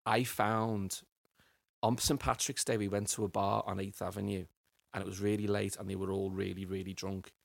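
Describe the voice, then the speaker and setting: Husky gravelly man reminiscing. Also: on the low side, level tone, moderate pace, no echo, studio quality. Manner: rambling, repeats words while finding them. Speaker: podcast guest. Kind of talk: personal storytelling interview.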